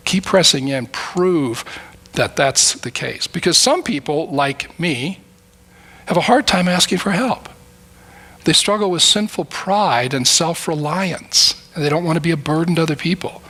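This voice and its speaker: A man's voice: fairly high pitch, normal speed, fairly bright tone. A middle-aged man preaching an earnest, conversational sermon, acting out prayers and everyday conversations. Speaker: guest preacher.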